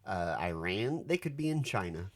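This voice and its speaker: A man's voice: low voice, very animated, moderate pace. A man co-hosting a haunt podcast in casual, joking chat. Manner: joking, laid-back. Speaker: podcast co-host.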